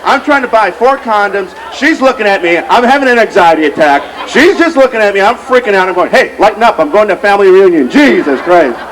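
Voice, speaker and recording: Man, thirties, stand-up comic, rambling crowd banter, noisy outdoor crowd recording. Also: high-pitched. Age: 30s. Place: outdoor street fair stage. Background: crowd noise.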